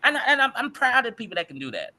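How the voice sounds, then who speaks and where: Animated male podcast guest, slangy storyteller, bright tone. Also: extremely high pitch, fast talker. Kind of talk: casual chat.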